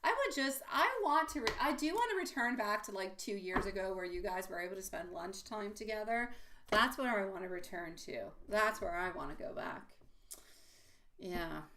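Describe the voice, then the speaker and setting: A woman's voice: medium pitch, expressive, normal speed, bright, forceful tone, a little hiss or hum. A woman giving a live tarot reading to her viewers. She talks in a chatty, rambling way, full of fillers and restarts. She calls people sweetie and dear. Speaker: tarot reader.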